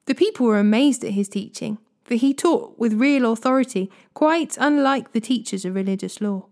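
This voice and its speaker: A woman reading Bible passages aloud in a steady, measured way. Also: on the high side. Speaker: Bible reader. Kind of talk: scripture reading.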